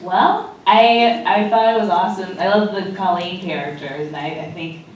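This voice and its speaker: An actress on a premiere panel giving a relaxed, enthusiastic answer with some hesitations. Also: female voice, medium pitch, normal speed, distant mic, muffled recording, background noise. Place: large festival theater. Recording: echoey hall, mic heard from afar.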